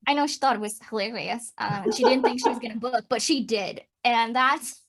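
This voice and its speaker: A woman voice actor on a panel, telling an anecdote in an animated way and laughing along. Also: on the high side, normal speed. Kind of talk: panel discussion, storytelling.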